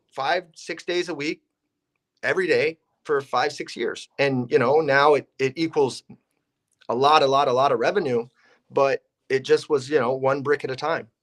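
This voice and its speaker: A man's voice: a little high, fairly bright tone. A young man, a real estate investor and agent, telling stories casually and acting out his phone calls with realtors. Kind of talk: casual podcast storytelling.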